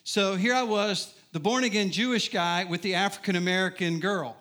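A man's voice: high voice, fairly even intonation, moderate pace, bright, forceful tone. A middle-aged man preaching a sermon, telling his own story with humor and putting questions to the crowd. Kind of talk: sermon testimony.

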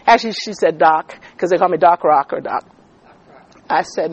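A woman's voice: medium pitch, fairly quick, husky, rough recording. A woman who is a teacher and former coach telling a story in a church-style talk, often checking that listeners follow her. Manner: animated preacher cadence, checking in with listeners.

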